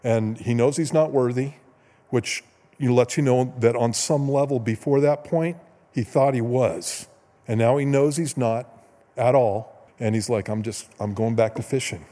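A man preaching a relaxed, conversational sermon, his voice mellow and dark in tone. The sound carries a long hall reverb, as in a church sanctuary. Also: medium pitch. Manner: conversational storytelling, quick asides and chuckles. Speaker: pastor.

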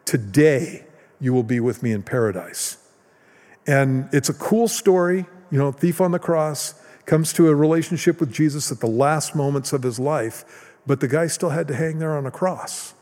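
A man pastor preaching a sermon in a conversational way, with restarts and rises in pitch and volume for emphasis. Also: moderate pace, a little mellow. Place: church hall. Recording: long hall reverb.

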